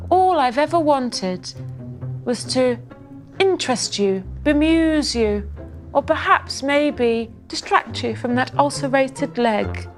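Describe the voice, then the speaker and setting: A woman's voice: sits high, animated, takes it slowly, soft background music, voice pushed up. Woman putting on a sly simpering Tudor queen. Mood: fawning. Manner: simpering, sly, fake-sweet. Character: scheming Tudor queen feigning illness.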